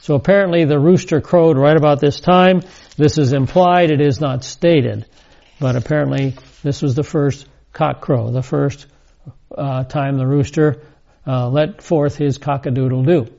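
A man's voice: on the high side, fairly even intonation, a little slow, creaky, dark tone. A man teaching a scripture lesson, reading verses and adding casual asides. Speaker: Bible teacher. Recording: dull lo-fi recording.

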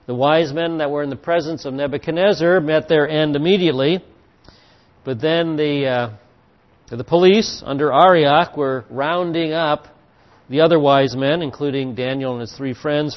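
Guy leading a bible study, kinda high voice, halting and measured, dull lo-fi sound. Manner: measured, halting, with fillers and restarts. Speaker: Bible teacher. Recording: dull lo-fi recording.

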